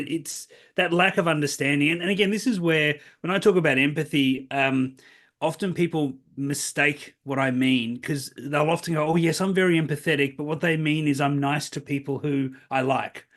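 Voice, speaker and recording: A man's voice: fairly high pitch, normal speed, a bit bright. A man hosting a podcast, asking reflective questions in casual conversation, often restarting as he frames his thoughts. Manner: thoughtful, frequent restarts while framing questions. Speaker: podcast host.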